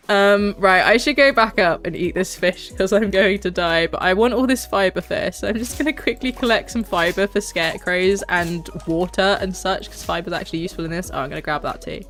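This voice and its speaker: A woman's voice: medium pitch, normal speed, a bit bright, faint music behind. A young woman, streaming a game and chatting casually in a rambling way, full of fillers. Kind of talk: casual gaming stream chat.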